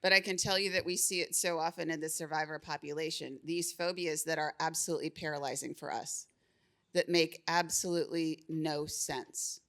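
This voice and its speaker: Low, bright-toned woman; lively panelist telling stories at a live conference. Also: moderate pace. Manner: lively, laughing storyteller. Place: conference stage.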